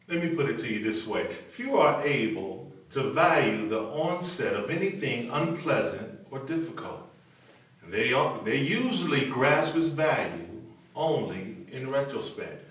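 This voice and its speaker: An older man preaching a televised sermon. He moves between impassioned exhortation and a quieter personal testimony. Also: mid-range voice, animated, normal speed. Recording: echoey room from a distance.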